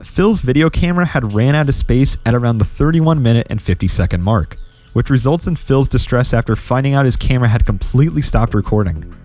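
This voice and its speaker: A man narrating a scripted gaming history video in a steady, explanatory way. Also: medium pitch, a little fast.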